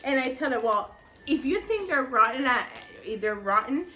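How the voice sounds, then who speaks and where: Bright, laughing woman telling a story. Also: sits high, lively intonation, moderate pace, soft background music. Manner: acts out both sides of a conversation. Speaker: vlogger. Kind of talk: casual storytelling.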